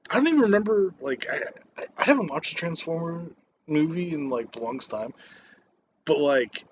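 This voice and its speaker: A man's voice: a little high, lo-fi sound, slight background noise. A man giving a casual, rambling movie review, swearing constantly and stopping often for fillers and restarts.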